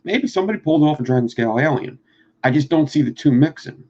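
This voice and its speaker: A man with a Philadelphia accent talking fast and swearing freely while teaching coil building on a live stream. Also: on the high side, expressive, darkish tone, highs cut off. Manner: fast-talking, profane, rambling. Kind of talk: casual live-stream chat.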